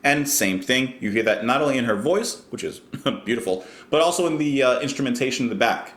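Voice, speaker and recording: Animated man explaining music in an echoey room. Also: mid-range voice, slight background noise. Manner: thoughtful, explanatory, pauses to restart. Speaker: music reaction YouTuber. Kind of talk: casual reaction commentary.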